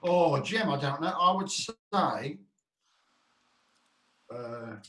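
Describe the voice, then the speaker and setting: A man's voice: fairly high pitch, lively intonation, very slow, fairly bright tone. A man co-hosting a casual online quiz, teasing and drawing out his reactions. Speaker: co-host. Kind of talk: casual live-stream chat. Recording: roomy echo.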